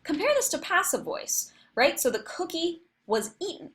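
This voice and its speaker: A woman leading a recorded online writing workshop, explaining patiently and clearly with frequent fillers. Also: very high-pitched, big pitch swings, moderate pace, fairly bright tone. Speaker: writing center instructor.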